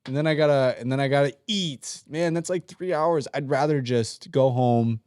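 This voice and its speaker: A man mid-rant on a casual podcast, swearing freely as he vents with animated, blunt energy. His voice sits at an ordinary male pitch. It is recorded close and dry, with no room sound around it. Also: moderate pace, smooth, no room sound. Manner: profane, ranting, animated. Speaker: podcast co-host; team leader at work. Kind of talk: casual chat.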